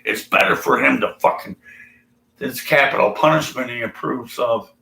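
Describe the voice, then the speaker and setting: A man's voice: mid-range voice, normal speed, creaky, sharp tone, reverberant, rough recording. A man ranting sarcastically and profanely while reading scripture aloud. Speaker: atheist video commentator.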